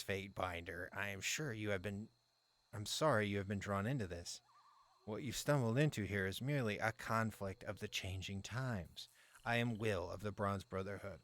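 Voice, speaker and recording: A man voicing a smug male mercenary guard who speaks with mocking, smooth politeness in a game's dialogue. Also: on the low side, a bit bright, close to an everyday voice. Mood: polite.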